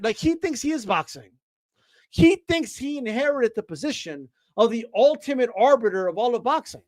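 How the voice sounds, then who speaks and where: Heated high-voiced man ranting, very dry. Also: lively intonation, normal speed, dry recording. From Texas. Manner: profane, heated, many restarts and filler "like"; mocks others in quoted voices. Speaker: boxing commentator. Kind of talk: casual livestream rant.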